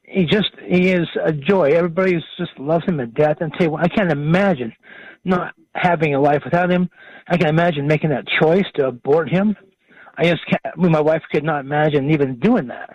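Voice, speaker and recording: Older guy calling a radio show, emotional and choked up, slightly higher voice, dry muffled phone line. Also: fairly quick, dry recording. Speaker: caller. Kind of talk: call-in radio talk.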